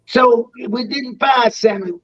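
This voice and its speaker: An older man spins long, rambling stories, often stumbling over and repeating his words. His voice sits high for a man. The sound is dry and a little dull, like a live stream. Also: slow pace, a bit bright, no room sound. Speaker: interview guest. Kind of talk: storytelling in a live interview.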